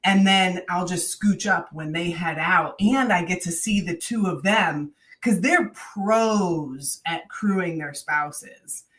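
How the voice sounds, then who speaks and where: Bright-voiced female podcast co-host. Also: fairly low pitch, takes it slowly, few pauses. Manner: upbeat, chatty storytelling. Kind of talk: casual chat. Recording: voice a bit far from the mic.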